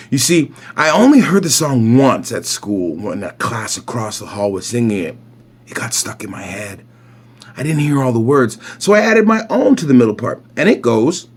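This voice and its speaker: A man's voice: medium pitch, expressive, moderate pace, breathy edge. A man with a Caribbean accent reading his own children's picture book aloud, playful and breaking off to comment on the pictures.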